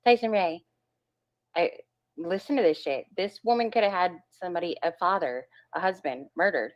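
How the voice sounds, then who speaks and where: A woman's voice: lowish voice, normal speed. A woman hosting a casual reaction stream, blunt and brash, with heavy swearing. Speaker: stream host. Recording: slightly muffled lo-fi audio.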